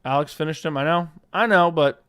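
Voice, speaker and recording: A man's voice: on the high side, fairly quick, fairly bright tone, clean tone. A man hosting a live stream, casually reading viewer questions aloud and answering offhand, swearing freely into a studio mic. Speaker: livestream host. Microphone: studio dynamic mic.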